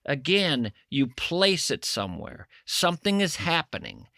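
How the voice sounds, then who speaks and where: Bright-voiced man hosting a talk show. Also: a little high, big pitch swings, a little slow, creaky, no room sound, clean studio sound. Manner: thoughtful, musing, builds points in long sentences. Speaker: radio talk show host. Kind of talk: conversational interview.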